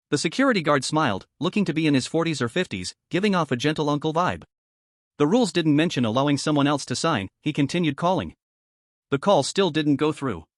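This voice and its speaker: A man narrating a recap story in an even, read-aloud delivery. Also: fairly high pitch, a little fast, dry recording, studio quality.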